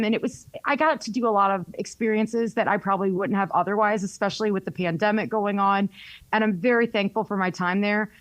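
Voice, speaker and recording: A woman's voice: medium pitch, dry recording. A young woman with a Southern US accent, a radio personality chatting casually in an interview, full of fillers. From North Carolina, US. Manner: chatty, frequent "like" fillers, laughs often.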